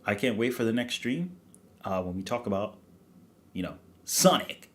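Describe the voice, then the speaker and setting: A man's voice: lowish voice, a little fast. A man hosting a livestream, wrapping up in a rambling, chatty way with lots of fillers. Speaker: livestream host. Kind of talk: casual livestream outro chat.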